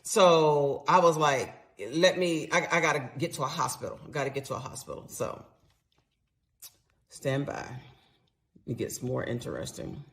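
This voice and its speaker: Gravelly-voiced woman telling a raw story. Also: sits low, normal speed. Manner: candid, conversational, swears freely, replays her own side of the argument. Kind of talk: emotional personal storytime.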